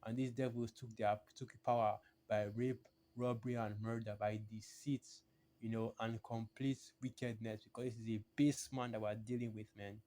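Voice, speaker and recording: A man's voice: lowish voice, little pitch movement, moderate pace, warm tone. A man preaching in a solo video teaching, speaking emphatically, repeating phrases and raising his voice to read passages aloud.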